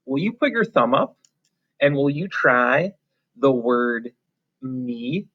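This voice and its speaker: A man teaching a phonics lesson to young children, patient and encouraging, drawing out letter sounds slowly and clearly. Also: mid-range voice, sing-song. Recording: slightly dull, lo-fi.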